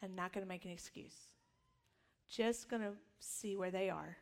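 A woman's voice: medium pitch, steady tone, normal speed, vocal fry. A middle-aged woman pastor giving a sermon, telling stories in a conversational, humorous way and acting out quotes.

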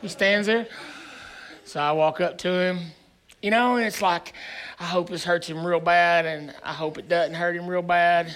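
Male pastor, high voice, sermon storytelling, self-deprecating, chuckling, live church congregation. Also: steady tone, moderate pace, a bit bright.

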